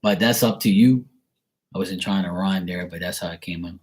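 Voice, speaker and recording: A rambling, easygoing man from Bermuda reads out viewer messages and answers them with a relaxed, low-pitched voice. He chats casually, drifts off topic and laughs at his own remarks. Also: moderate pace. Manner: chatty and rambling, laughs at himself. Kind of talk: casual live chat reading.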